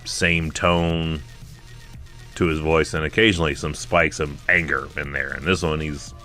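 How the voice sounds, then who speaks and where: A man in his forties talks through a horror film on a podcast in a loose, rambling way, often restarting his sentences. His voice sits very low, and faint music plays behind him. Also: level tone, measured pace, pushed and bright. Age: 40s. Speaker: podcast co-host. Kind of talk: casual film chat.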